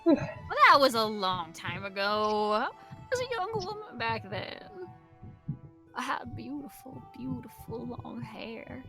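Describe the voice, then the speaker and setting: Dude putting on a chatty old lady, vain about her hair, gossipy, bright voice. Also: very high-pitched, very animated, slow pace, soft background music, heavily acted. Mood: wistful. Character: vain old village woman, odd outcast's neighbor.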